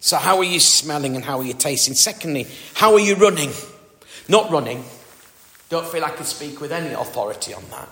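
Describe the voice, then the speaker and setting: Animated and fairly quick, a middle-aged man from northern England preaches in a sharp voice on the high side. He has a northern English accent, a chatty, self-deprecating manner, and a habit of asking the congregation questions. The hall is echoey, with long reverb.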